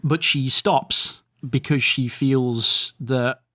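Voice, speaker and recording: A man's voice: medium pitch, fairly even intonation, very slow, pushed and bright. A man narrating as game master, rambling and descriptive with fillers.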